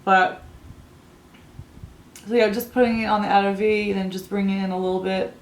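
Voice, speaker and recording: A woman in her thirties talks her way through a makeup tutorial, wandering off into chatty family stories and laughing at them. Her voice sits at an ordinary middle pitch, and it rings a little in an echoey room. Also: little pitch movement, brisk. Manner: rambling, storytelling, laughs at own stories. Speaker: beauty vlogger.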